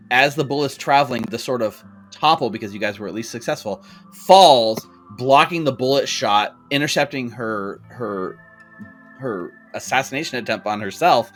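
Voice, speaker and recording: A man's voice: mid-range voice, fairly bright tone. A man narrating a tabletop game as game master, loose and full of fillers and restarts.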